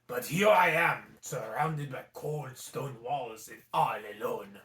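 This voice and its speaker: A man's voice: mid-range voice, slow pace, fairly bright tone, pitched below the performer's own voice. A man voicing a lonely, shy young male bell-ringer in a put-on French accent, sighing and wistful, in an echoey room.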